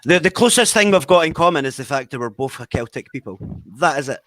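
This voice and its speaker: A Scottish man whose pitch rises and falls a lot as he chats and laughs with friends. He sits close to his mic in a dry, dead room. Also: fast talker, no echo. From Scotland. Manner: animated, laughs easily. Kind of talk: casual online group chat. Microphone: headset or desk mic, close.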